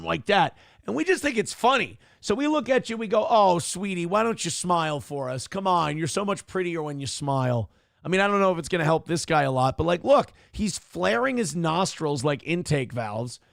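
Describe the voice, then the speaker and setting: A man's voice: a little high, vocal fry, dry recording, studio quality. A man hosting a morning show, mocking a clip in a sarcastic, profane rant. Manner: sarcastic, ranting, swears freely. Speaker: show host reacting to clips.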